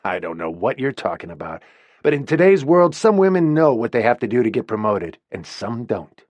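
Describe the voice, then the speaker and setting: A man's voice: medium pitch, very animated, normal speed, darkish tone, no room sound. A male narrator voicing a sleazy, defensive office boss who talks in a curt, insinuating way.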